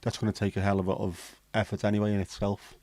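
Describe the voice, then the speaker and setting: A man with a lowish voice chats on his livestream, reading viewer comments aloud and swearing freely. The sound is dry and close. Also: flat delivery, fast talker, darkish tone, no room sound. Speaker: livestream host. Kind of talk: casual livestream chat.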